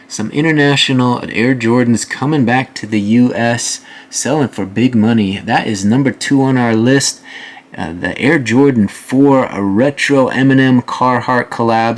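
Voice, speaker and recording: A male host giving casual, relaxed commentary while walking through online listings, with frequent fillers. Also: mid-range voice. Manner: relaxed, filler-heavy, chatty. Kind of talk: casual screen-share commentary.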